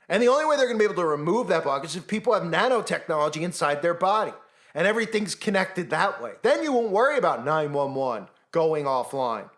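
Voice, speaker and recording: High-voiced man ranting sarcastically. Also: a bit bright. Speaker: channel host. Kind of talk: conspiracy commentary monologue.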